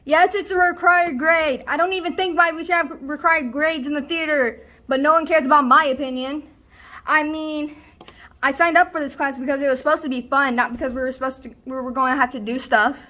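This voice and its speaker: Her voice high-pitched, pushed and bright, with fairly even intonation and a fairly quick pace, a young student actor self-records a stage monologue. The character is a boastful slacker student who rambles through a wild story with lots of fillers.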